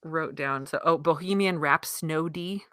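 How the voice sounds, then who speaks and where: Low-voiced chatty woman in her thirties. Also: a little slow, a bit bright, no room sound, clean studio sound. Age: 30s. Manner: chatty storyteller, laughs often. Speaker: podcast co-host. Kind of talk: casual chat.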